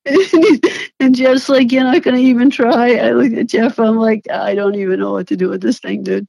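A woman's voice: fairly high pitch, unhurried, creaky, long pauses, husky, dry recording, poor audio. A young woman, an interview guest, telling a story with lots of laughter, swearing and acted-out quotes. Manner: animated, laughs often, swears, acts out quotes. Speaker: interview guest, former reality show contestant. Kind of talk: casual storytelling.

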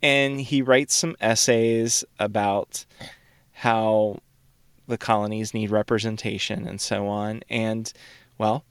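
Relaxed man telling history casually. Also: lowish voice, takes it slowly, smooth, no echo, studio quality. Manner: relaxed storytelling, quotes figures in casual speech. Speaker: podcast co-host.

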